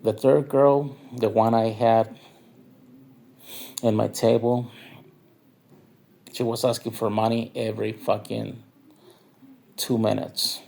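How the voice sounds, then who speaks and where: A man's voice: on the low side, little pitch movement, slow pace, creaky, pauses often, dark tone. A tipsy man from northern Mexico, rambling through a profane, filler-heavy nightlife story. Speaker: nightlife vlogger. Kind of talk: rambling drunk review monologue.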